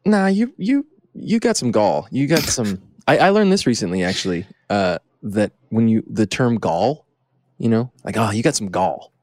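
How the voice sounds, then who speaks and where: A man's voice: on the low side, very animated, moderate pace, darkish tone, dry recording. A man hosting a casual chat over a video call, teasing and playful, rambling through his thoughts. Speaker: host.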